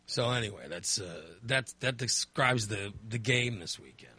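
Bright, animated middle-aged man chatting. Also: on the low side, normal speed, breathy edge. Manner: animated storyteller, acts out his own reactions. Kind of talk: casual chat.

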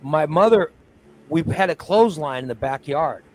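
A man's voice: a little high, expressive, normal speed, low-quality recording. A man on a morning talk show telling a long, rambling story in casual, crude language. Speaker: radio show co-host. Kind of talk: casual chat.

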